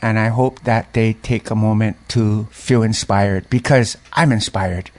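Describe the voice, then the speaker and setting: A man's voice: on the low side, a little slow. A middle-aged man, a former mayor speaking as an interview guest and telling personal stories with feeling. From Hawaii. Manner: animated storyteller, voices others' reactions, frequent laughs. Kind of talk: heartfelt conversational storytelling.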